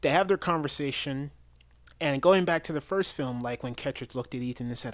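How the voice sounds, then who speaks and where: A man's voice: medium pitch, steady tone, fairly quick. A man giving a casual, enthusiastic spoken movie review, chatty and full of restarts. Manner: chatty, enthusiastic, with frequent restarts and quoted lines.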